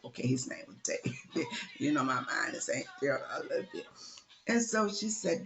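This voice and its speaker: A woman's voice: a little high, big pitch swings, normal speed, highs cut off, faint music behind. A woman telling a story in a loose, chatty way, full of "you know" and asides. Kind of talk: casual oral storytelling.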